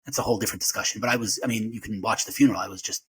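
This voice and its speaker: A man in his forties, a podcast guest sharing emotional memories in a rapid, halting way full of restarts. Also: lowish voice, husky, rough recording. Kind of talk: emotional personal remembrance.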